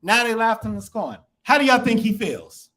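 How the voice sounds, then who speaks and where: A man's voice: high-pitched, sing-song, moderate pace, sharp tone. A man teaching a congregation through a scripture lesson, asking the class questions and acting out the people in the text.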